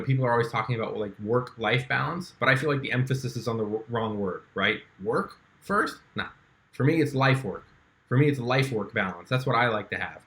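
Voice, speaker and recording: Casual chatty young man, relaxed. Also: medium pitch. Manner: relaxed, chatty, frequent fillers and restarts. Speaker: stock trading YouTuber. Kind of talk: casual screen-share walkthrough.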